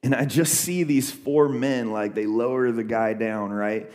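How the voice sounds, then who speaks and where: A man's voice: medium pitch, a little slow, a little mellow. A young adult man preaching a sermon, retelling a scripture story in a loose conversational way with many fillers and restarts. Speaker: pastor.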